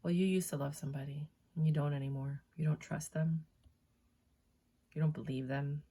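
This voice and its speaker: A woman's voice: sits low, steady tone, moderate pace, dark tone. A woman reading tarot in a chatty, loose way, swearing freely as she talks to her viewers. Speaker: tarot reader.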